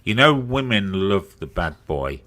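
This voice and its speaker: Deep man teasing in mock-formal tones. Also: very animated, measured pace, bright, forceful tone. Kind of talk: casual chat.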